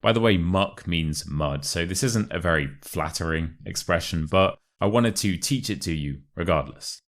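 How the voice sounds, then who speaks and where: A young man with a modern RP British accent teaching English expressions, speaking clearly and slowing down for example phrases. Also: low voice, a bit bright. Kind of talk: online English lesson.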